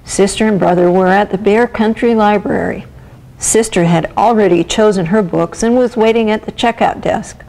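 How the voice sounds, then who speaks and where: A woman's voice: mid-range voice, moderate pace, vocal fry, poor audio. Woman reading a children's picture book aloud. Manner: gentle, expressive storytelling. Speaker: volunteer reader.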